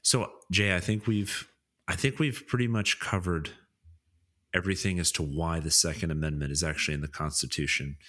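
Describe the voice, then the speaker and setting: A man co-hosting a podcast, steadily and deliberately leading a casual discussion. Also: sits low, fairly even intonation, sharp tone. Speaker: podcast co-host. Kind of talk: casual chat, explaining political topics.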